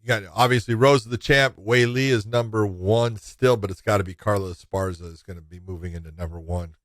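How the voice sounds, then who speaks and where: A man co-hosting a sports podcast in casual chat, telling animated stories and laughing at himself. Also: on the low side, fairly quick, no echo, clean studio sound. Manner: animated storyteller, acts out quotes. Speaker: podcast co-host.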